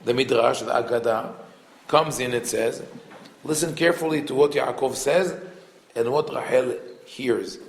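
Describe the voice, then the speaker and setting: A rabbi teaching a Torah class speaks in a mid-range, gravelly voice. He explains things thoughtfully, pausing on fillers and restarting his phrases. The room echoes, and there is slight background noise.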